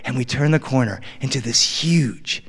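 A middle-aged man telling a family story to a live audience, playful and animated, swinging between hushed and excited. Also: medium pitch, normal speed, gravelly, slightly rough. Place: studio stage with live audience. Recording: reverberant hall, live audience.

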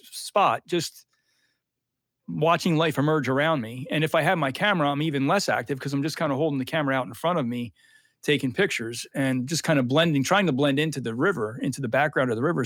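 A man's voice: fairly high pitch, fairly quick, no echo. A man who guides freshwater snorkeling trips, explaining fish and streams in an enthusiastic interview voice with plenty of fillers. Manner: animated, explains with lots of fillers.

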